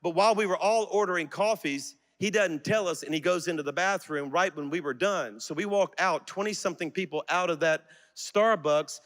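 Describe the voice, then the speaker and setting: Bright-voiced preacher man in a reverberant hall. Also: sits high, a little fast, hardly any pauses. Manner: storytelling that builds to fervent, shouting exhortation. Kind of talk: sermon storytelling to a congregation. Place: large auditorium church. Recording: long reverb of a large auditorium.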